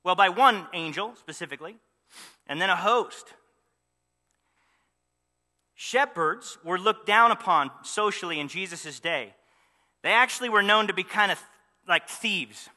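A man with a high, sharply bright voice preaches a sermon, animated and full of rhetorical questions. His voice rings out with a long reverb, as if heard in a large hall. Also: unhurried, pauses often. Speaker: pastor.

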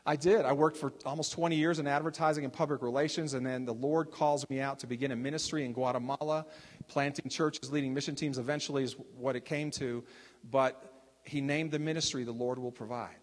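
An older man from Texas telling his testimony as a ministry leader, in a chatty, animated storytelling manner with frequent restarts and asides. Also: on the high side, fairly quick, big-room sound.

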